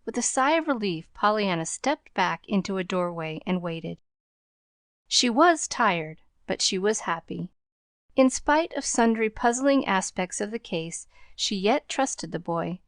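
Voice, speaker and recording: A calm, dry woman narrates an audiobook from a script. Her pitch sits in the middle, her pace is measured, and there's no room sound.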